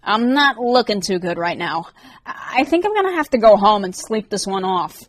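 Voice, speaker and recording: A woman voicing Rorik, an irritable teenage boy who swears and grumbles, pitched a little above her own reading voice. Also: big pitch swings, normal speed, fairly bright tone, dry recording. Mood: rattled. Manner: snappy, swearing, sighing.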